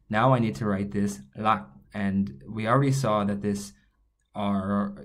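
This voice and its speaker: A man teaching a lesson in a relaxed, step-by-step way, thinking aloud as he writes and explains each letter. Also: on the low side, moderate pace. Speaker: language teacher. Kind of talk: recorded online lesson, writing on screen.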